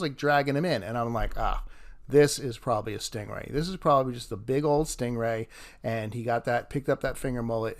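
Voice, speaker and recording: A man narrating his fishing vlog outdoors on a beach, chatty and laughing often as he talks to viewers. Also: medium pitch. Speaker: fishing vlogger.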